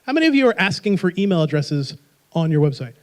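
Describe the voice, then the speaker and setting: A man with a slightly high voice speaks at a quick pace while running a live marketing workshop. He's lively and joking, quizzing listeners with rhetorical questions.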